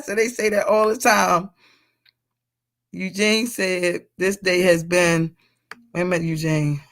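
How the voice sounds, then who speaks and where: A woman's voice: fairly low pitch, measured pace, long pauses. A middle-aged woman leading a casual leadership workshop, reading out comments and laughing with the group. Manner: animated, laughing, talks to the group as y'all.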